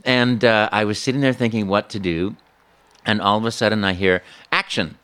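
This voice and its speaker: A man, a voice actor, telling a story in an interview in an animated way, with frequent stammers and restarts. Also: fairly low pitch, fairly quick, clean tone.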